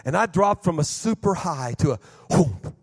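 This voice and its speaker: Middle-aged male pastor, higher-pitched voice, animated storyteller with vocal sound effects, stumbling restarts. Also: moderate pace, creaky, slightly rough. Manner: repeats and restarts words in bursts. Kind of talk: sermon with storytelling.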